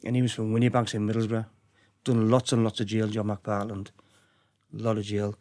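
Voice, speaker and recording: Brisk and completely flat, his fairly low, slightly mellow voice carries a middle-aged man's casual crime storytelling as a podcast guest. He rambles, says words over again, and acts out what people said.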